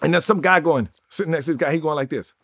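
A man tells his life story at a rapid clip, his voice a bit higher than most. He throws himself into each quoted line, jumping up in pitch and volume. The sound is close and dry, with no room around it. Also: fairly bright tone, no room sound. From North Carolina, USA. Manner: acts out quotes with big jumps in pitch and volume. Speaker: actor, interview guest. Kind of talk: animated storytelling. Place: studio.

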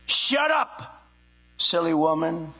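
A man's voice: fairly high pitch, unhurried, faint music behind. An older man voicing a vicious male snake in a poem, pleading and sneering.

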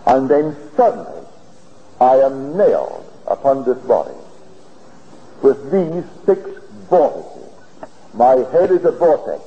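A man giving a spiritual lecture, telling his story in an earnest, deliberate way, heard on an old archival tape. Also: medium pitch. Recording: old archival lecture tape, dull and hissy, in a reverberant hall.

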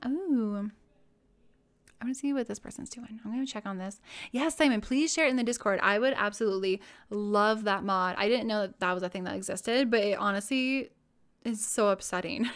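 A bubbly young woman streaming from home, chatting with her viewers in a fairly high voice. She gushes over things she likes and jumps from one thought to the next. Her talk is casual and personal, close on a desk mic. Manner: bubbly, gushing, easily excited. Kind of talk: casual live-stream chat.

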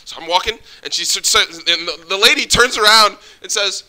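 A young man telling a story in a casual, excitable, profane, animated way. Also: high-pitched, brisk. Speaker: vlogger.

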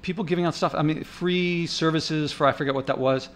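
A man with a fairly high voice narrates over his own footage in a loose, unscripted way. He sounds indignant and worked up, rambling and thinking aloud with restarts. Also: fairly even intonation, fairly quick, slight background noise. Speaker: vlogger. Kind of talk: casual narrated commentary over park footage.

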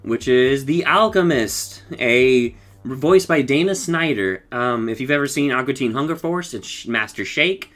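A man's voice: mid-range voice, fairly bright tone. A rambling, casual young man recapping an episode. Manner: rambling, swears, laughs often, acts out quotes. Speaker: show reviewer.

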